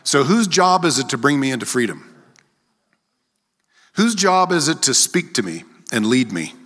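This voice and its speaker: A man preaches in a loose, conversational way, telling stories and jumping up in pitch to play the people in them. His voice is bright and forceful, and it rings out with a long reverb, as in a big hall. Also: very animated, normal speed. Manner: storytelling, acts out quoted voices with sharp rises in pitch. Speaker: preacher and worship leader. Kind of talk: conversational sermon.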